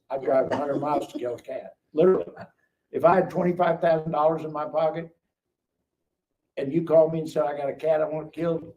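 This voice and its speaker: A middle-aged man on a live stream, telling his life story in casual, animated speech and acting out the people in it. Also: on the high side, muffled recording. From Kansas City area. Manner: animated, acts out quoted dialogue. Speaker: guest telling his testimony. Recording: distant mic with faint background noise.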